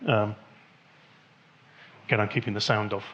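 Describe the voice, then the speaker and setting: A man's voice: on the low side, fairly even intonation, moderate pace, muffled recording, a little hiss or hum. A man giving a technical conference talk, rambling with many restarts and fillers. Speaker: conference speaker. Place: conference hall.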